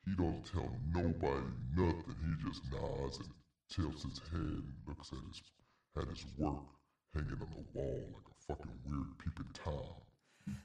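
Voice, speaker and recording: A man's voice: extremely low pitch, unhurried, gravelly, warm tone, reverberant, recorded from a distance, voice pushed down, full character voice. A man putting on the voice of a blunt street guy who talks in slang. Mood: swaggering. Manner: slangy, swaggering street talk.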